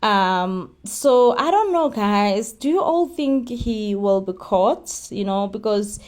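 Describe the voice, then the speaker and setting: Woman, young adult, chatty recap vlogger, mid-pitched, rambling delivery with fillers and restarts. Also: lively intonation, slow pace, a little mellow. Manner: chatty and rambling, frequent fillers and repeated words. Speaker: soap opera recap vlogger. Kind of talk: casual recap talk to viewers.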